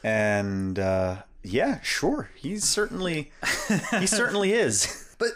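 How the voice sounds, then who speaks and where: Agreeable male co-host, lively pitch. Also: slow pace. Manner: agreeable, chimes in with short affirmations. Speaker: podcast co-host. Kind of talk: casual chat reviewing a documentary.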